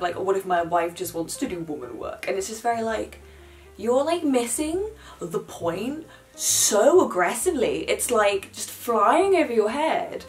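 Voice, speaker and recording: Chatty young woman, low-pitched. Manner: chatty, animated, swears and mocks in quoted asides. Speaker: book vlogger. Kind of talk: casual chat.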